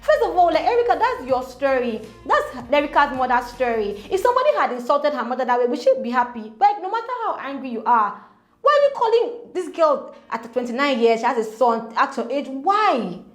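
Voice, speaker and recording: A woman with a Nigerian accent recapping a reality show in a casual vlog, animated and acting out what others said. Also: high-pitched, brisk. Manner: animated, acts out quoted housemates. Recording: echoey room, faint music.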